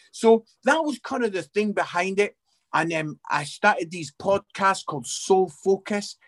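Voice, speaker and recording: High-voiced lively Scottish man. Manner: lively storyteller, energetic. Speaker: guest, Christian podcaster. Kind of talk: casual interview chat.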